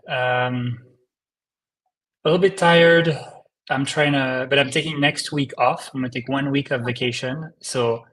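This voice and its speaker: Man with a French accent, easygoing live-stream guest on a video call, middle pitch. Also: unhurried, poor audio. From France. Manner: relaxed, friendly, with restarts and ums. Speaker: company co-founder guest.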